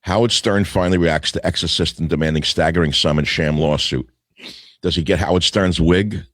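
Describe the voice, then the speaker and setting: A man's voice: low-pitched, fairly even intonation, a little fast, dry recording. An older man hosting a talk radio show, reading headlines aloud and answering each with sarcastic, scornful asides.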